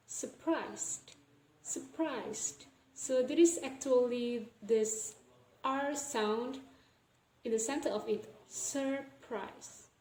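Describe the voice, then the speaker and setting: A young woman walks through a linguistics lesson at a slow, careful pace, pausing and correcting herself as she goes. Her voice sits a bit high and mellow. The recording is roomy and echoey, with faint background noise. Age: young adult. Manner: slow, hesitant, self-correcting. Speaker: student presenter.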